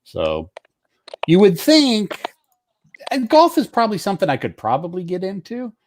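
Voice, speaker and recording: A man's voice: high-pitched, wildly swooping pitch, normal speed. A man from Washington State chatting casually as a guest, easygoing. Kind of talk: casual chat. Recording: faint background noise.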